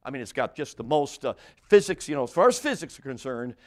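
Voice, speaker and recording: A man's voice: medium pitch, quick pace. An older man preaching a sermon to a congregation, telling a humorous story and often asking the audience questions. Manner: animated, audience-engaging, frequent restarts and asides. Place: church before a congregation.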